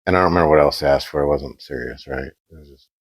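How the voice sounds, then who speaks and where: A man co-hosting a podcast, chatting casually and telling an animated story, acting out the quoted exchanges. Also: a bass voice, racing. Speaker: podcast co-host.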